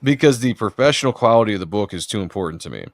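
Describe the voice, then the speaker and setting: A man's voice: on the low side, animated, very fast, no room sound, studio quality. A man, a comic book artist, talking casually and earnestly on a podcast, rambling with lots of fillers.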